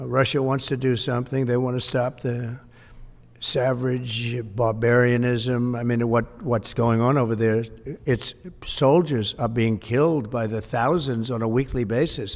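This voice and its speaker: A man's voice: medium pitch, vocal fry, a little mellow, in a large hall. A man answering reporters in boastful, repetitive remarks, heard in a clip. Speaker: politician answering press. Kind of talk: press remarks.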